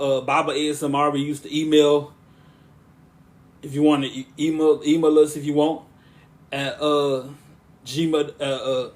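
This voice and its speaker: A man hosting a podcast and speaking as a preacher, with a smooth, monotone, relaxing voice; he talks in a rambling way, often restarting his sentences. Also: on the high side. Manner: rambling, with frequent restarts and asides. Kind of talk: casual podcast talk.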